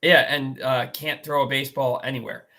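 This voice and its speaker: A man with a mid-range voice hosts a relaxed sports talk show, relating a story about a game. He sounds animated and exasperated, jumping back to restart his lines in quick bursts.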